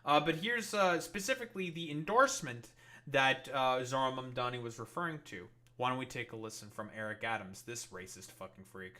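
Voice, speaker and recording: Bright-voiced angry streamer guy, swears nonstop, lots of uh and like. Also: mid-range voice, expressive, fairly quick. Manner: angry, profane, ranting with many fillers. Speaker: political streamer. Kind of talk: profane livestream commentary.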